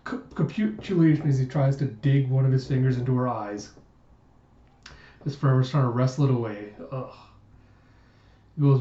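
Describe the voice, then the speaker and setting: A man's voice: mid-range voice, steady tone, a little fast, dark tone, roomy sound, highs cut off. A man narrating a comic book readthrough, reading the characters' dialogue aloud between chatty asides, sighs and groans.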